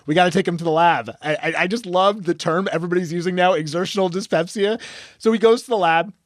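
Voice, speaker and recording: A man's voice: fairly high pitch, dry recording, clean studio sound. A man, an emergency physician, telling a case story on a medical podcast and acting out the dialogue.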